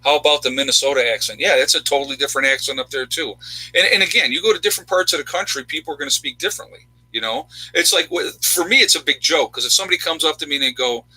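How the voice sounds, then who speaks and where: A man's voice: a little high, pushed and bright, husky, rough recording. A man hosting a livestream, answering chat questions in a rambling, self-interrupting, casual way.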